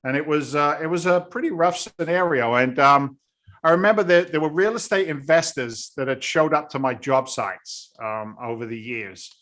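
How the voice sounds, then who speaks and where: Blunt, animated man. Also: on the high side, moderate pace. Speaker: guest, real estate investor. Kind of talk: casual interview storytelling.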